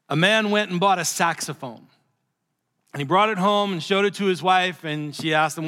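Animated storytelling pastor, man, echoey hall. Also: high voice, normal speed. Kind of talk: sermon.

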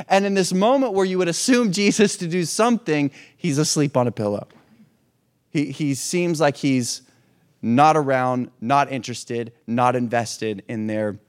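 A man preaching a sermon in a conversational way, asking rhetorical questions and restarting his phrases. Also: fairly high pitch. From hurricane-prone region. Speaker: pastor.

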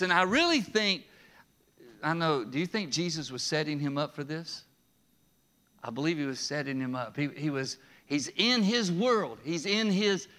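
A man preaching a sermon in a conversational, animated way, with rising emphasis and frequent chuckles. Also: on the high side, normal speed. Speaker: pastor.

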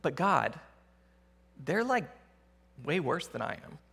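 Guy doing a bitter prophet complaining, kinda pleading, high gravelly voice, echoey hall. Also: big pitch swings, slow pace, a bit bright, heavily acted. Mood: indignant. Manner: indignant, pleading, casual slang. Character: bitter resentful prophet, adult man.

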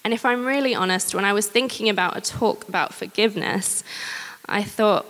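A woman preaching a sermon, candid and personal, with gentle humor. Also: medium pitch, normal speed. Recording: long hall reverb.

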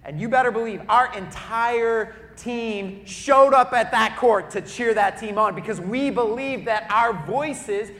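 A man preaching a sermon to a congregation in a church auditorium, telling lively stories and turning to the crowd with asides. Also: sits high, unhurried, few pauses. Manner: lively storytelling with audience asides, loud bursts when acting out cheering. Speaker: pastor. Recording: echoey hall.

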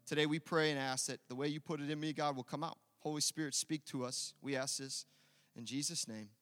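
A man preaching an impassioned sermon as pastor in a church, loud and rousing, leading his congregation in call-and-response. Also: a little high, steady tone, brisk, in a large hall. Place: church sanctuary.

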